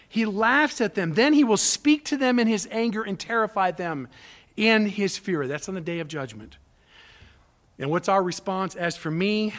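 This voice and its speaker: A man preaching a sermon, swinging between loud, urgent appeals and hushed asides. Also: high voice. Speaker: pastor.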